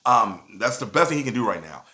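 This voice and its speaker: Man, casual video commentary, animated, bright forceful voice. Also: mid-range voice, a little fast. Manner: animated, with frequent "you know what I'm saying".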